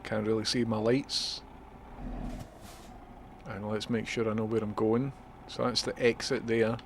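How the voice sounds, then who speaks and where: A man's voice: lowish voice, little pitch movement, measured pace, long pauses, background noise. A Scottish man chatting and swearing his way through a live gameplay stream, talking to viewers as he plays.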